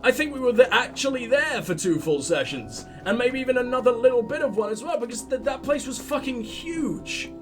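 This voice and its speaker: A man's voice: very high-pitched, expressive, brisk, hardly any pauses, faint music behind. A man with a stuffy cold, rambling and swearing sarcastically while commentating his own gameplay. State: congested with a cold or flu. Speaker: let's play host.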